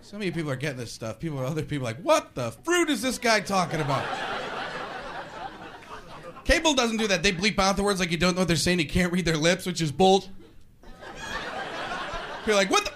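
A man doing a stand-up comedy routine in an animated way, slipping into mock voices, with audience laughter behind him. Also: sits high, fast talker, long pauses, noisy background. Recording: live club set with crowd.

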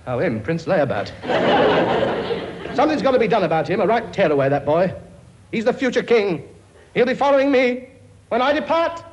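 In a studio comedy sketch, a comic actor plays a blustering, cockney-style king who bosses around his many children, brash and full of wisecracks. His voice is high and very animated at a moderate pace, with long pauses, and the sound is lo-fi.

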